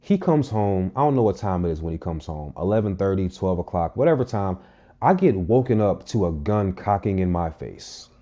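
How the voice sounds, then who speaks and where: Low, warm-voiced man telling a story. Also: moderate pace. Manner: animated, profane, emphatic storytelling. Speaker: vlogger. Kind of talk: casual storytime monologue.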